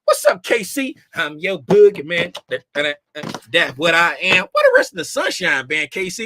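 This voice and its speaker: A middle-aged man hosting a casual livestream, greeting viewers by name, sometimes dropping to a hushed, confiding tone. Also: sits high, huge pitch swings, moderate pace, no room sound. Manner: drops to a hushed, confiding tone at times. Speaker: livestream host.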